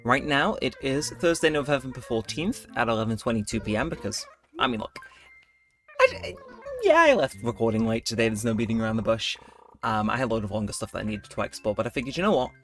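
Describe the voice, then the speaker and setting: A man's voice: medium pitch, very animated, fast, a bit bright. A man hosting a late-night gameplay video, chatting in a rambling, laid-back way. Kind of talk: casual let's-play commentary. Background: faint game music.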